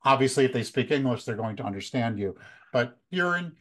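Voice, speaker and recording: An American man in his fifties, a photography workshop leader, giving relaxed, conversational travel tips with many fillers. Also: mid-range voice, brisk. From United States. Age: 50s. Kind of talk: casual talk, practical travel tips.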